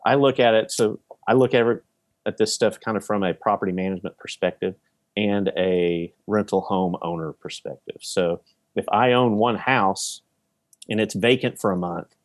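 A man with a lowish voice talks through real estate investing in casual podcast chat, leaning on everyday examples and fillers. His voice sits close and dry, with no room around it. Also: steady tone, normal speed, no room sound.

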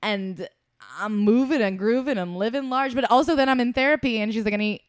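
A woman's voice: a little high, brisk, clear, resonant tone, no echo, studio quality. A young woman co-hosting a podcast, telling stories in casual chat with lots of laughter and acted-out voices of other people. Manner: animated storytelling, frequent laughter, acts out quoted people. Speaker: podcast co-host.

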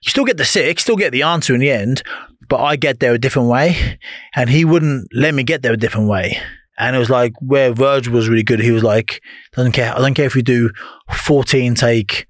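A man, a podcast guest chatting casually in a studio, who tells animated stories, swears freely and acts out what others said. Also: mid-range voice, brisk, dry recording. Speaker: podcast guest, former boxer.

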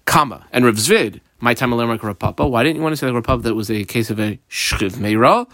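Guy teaching talmud, reads aramaic bits then explains in english, middle pitch, dry close sound. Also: quick pace, a bit bright, no echo. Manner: explains text line by line, mixing Aramaic phrases with English. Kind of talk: Talmud lesson.

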